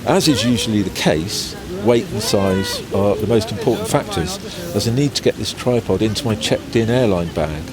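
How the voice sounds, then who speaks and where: A man reporting from an outdoor location as a photographer, describing his travel gear in a measured, scripted way. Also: fairly low pitch, crowd noise. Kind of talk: scripted location piece to camera. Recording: outdoor street noise.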